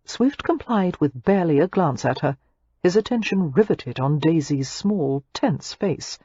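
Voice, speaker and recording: A woman narrating a romance audiobook in an expressive, scripted reading. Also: low voice, unhurried, slightly rough, no room sound, lo-fi sound.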